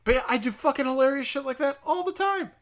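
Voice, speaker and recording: A man's voice: very high voice, quick pace. A man hosting a solo podcast, talking in a crude, profane, rambling monologue. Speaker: podcast host.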